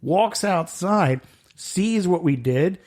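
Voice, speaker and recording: Taking it slowly, this middle-aged man co-hosts a podcast in casual conversation, a rambling storyteller who laughs a lot and acts out quotes. His voice is high-pitched, animated, and a little mellow.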